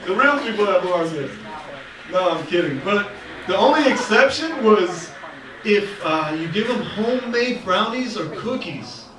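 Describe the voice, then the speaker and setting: A male stand-up comic works through a loose, self-deprecating set, full of uhs and ums. His voice sits slightly high and bounces around a roomy gallery. It is caught from a distance, with steady noise behind him. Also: moderate pace, crowd noise. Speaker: stand-up comedian. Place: art gallery open mic night. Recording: echoey room recorded from far off, noisy. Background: audience ambience and laughter.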